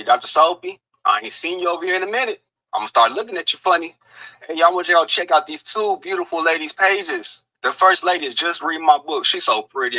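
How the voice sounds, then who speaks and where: Bright-voiced guy shouting out viewers on his stream, kinda far from the mic. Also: a little high, no echo. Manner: loose, joking shout-outs to viewers. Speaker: streamer commentator. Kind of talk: casual stream commentary.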